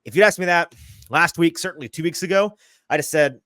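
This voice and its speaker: A man hosting a sports podcast in casual chat, quick and self-deprecating, a little out of breath. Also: fairly high pitch, a bit bright, no room sound. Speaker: podcast host. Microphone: headphones, remote call.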